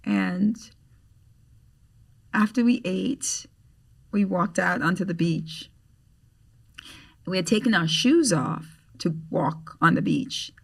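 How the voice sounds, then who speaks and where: A middle-aged woman from Grenada with a Grenadian accent, a podcast guest telling a story in an animated way and acting out the voices she quotes. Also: fairly low pitch, takes it slowly, creaky, pauses often, breathy edge, recorded from a distance. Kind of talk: storytelling in conversation.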